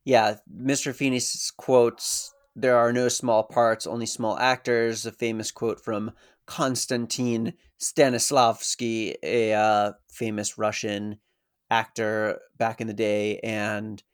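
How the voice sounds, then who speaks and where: A man's voice: lowish voice, level tone, slow, smooth. Easygoing man recapping a show. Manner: easygoing storyteller, with some filler "uh"s. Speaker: podcast co-host. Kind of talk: casual episode recap chat.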